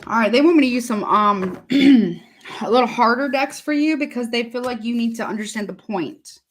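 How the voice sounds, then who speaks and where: In a live tarot session with slight background noise, a woman with a slightly high voice speaks at a normal pace. She's casual and talkative, repeats herself, and calls the people watching honey.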